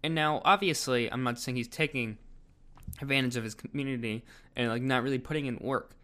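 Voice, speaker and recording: A man's voice: medium pitch, fairly quick, fairly bright tone. A man giving casual video commentary, rambling with lots of fillers. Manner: rambling, filler-heavy delivery.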